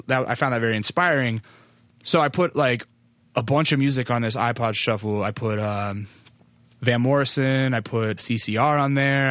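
A laid-back American man talks on his podcast in an easy, rambling way, dropping casual swears as he goes. His voice is mid-pitched and recorded close, with a dry sound and no room around it. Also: fairly bright tone, no echo. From United States. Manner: rambling, profane, loose storytelling. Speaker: podcast host. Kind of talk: casual podcast monologue and interview.

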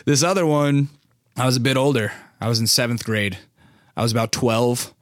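A man's voice: mid-range voice, moderate pace, dry recording. Profane chatty male podcast host, dry sound. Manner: loose, profane, chatty with many fillers. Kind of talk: casual storytelling monologue.

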